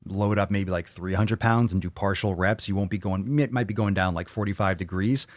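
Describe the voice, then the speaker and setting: A man's voice: sits low, a little fast, no echo. A man hosting a live fitness Q&A, blunt and opinionated, swearing freely as he answers viewers. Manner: blunt and profane, opinionated rants. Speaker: fitness channel host answering viewer questions.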